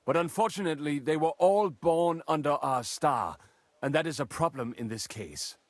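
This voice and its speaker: A man's voice: fairly high pitch, expressive, normal speed, no echo, natural voice. An actor voicing a suspicious, bitter man in a game, who speaks curtly and guardedly. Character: wary, bitter adult male Jewish townsman. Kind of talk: game dialogue.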